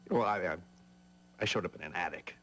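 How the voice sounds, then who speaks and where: An actor playing a gentle male spirit who speaks calmly and reassuringly, with some halting restarts. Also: deep voice, slight background noise. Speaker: soap opera character. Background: score music.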